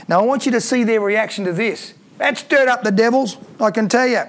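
A man's voice: very high-pitched, lively intonation, moderate pace, fairly bright tone. A man preaching a sermon, reading scripture aloud and breaking off to comment with emphatic repeated phrases and rhetorical questions.

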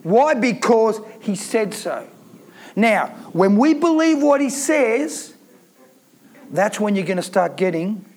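A man preaches an emphatic sermon, calling out to his congregation for responses. His voice sits very high for a man. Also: a little mellow. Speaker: pastor.

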